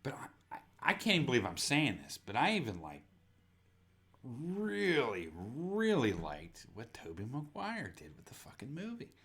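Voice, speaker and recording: A man's voice: mid-range voice, huge pitch swings, normal speed, a bit bright. A man co-hosting a podcast in casual chat, enthusiastic and swearing often. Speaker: podcast co-host.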